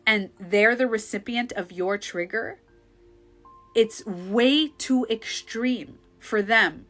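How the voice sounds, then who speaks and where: Woman, thirties, life coach, casual phone live chat, lively, faint music behind. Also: on the high side. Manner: animated, acts out quoted outbursts loudly.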